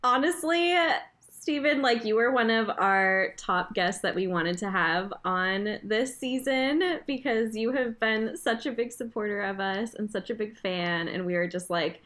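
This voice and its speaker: A woman's voice: mid-range voice, animated, normal speed, fairly bright tone. A woman co-hosting a podcast, chatting casually and asking a guest questions. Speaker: podcast co-host. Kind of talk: casual chat.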